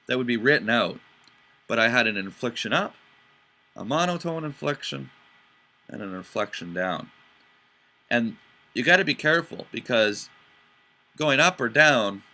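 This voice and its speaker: This podcast host has a mid-range, bright voice with a forceful edge, and he explains things in a casual, animated way. He leans on fillers, stumbles into frequent restarts, and mimics voices and inflections to drive his points home.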